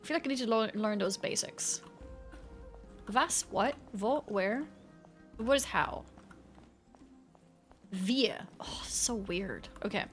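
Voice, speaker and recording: Laid-back woman gaming on stream, talky and giggly, soft music under her. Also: medium pitch, expressive, measured pace. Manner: chatty, reads chat aloud and laughs often. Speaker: game streamer. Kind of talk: casual live-stream chat.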